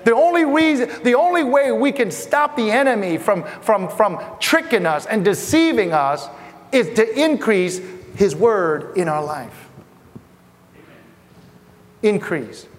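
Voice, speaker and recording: A man's voice: high voice, expressive, takes it slowly. A middle-aged man from Asia preaching a sermon in a conversational way, speaking directly to the congregation. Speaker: pastor. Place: church hall. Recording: long hall reverb.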